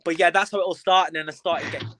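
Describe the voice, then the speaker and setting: This young actor and theatre director from Lancashire, England, chats as a guest on a casual podcast about how he got into theatre, playful and full of camp asides and fillers. His voice is high-pitched and fairly bright, with fairly even intonation and a rapid-fire pace.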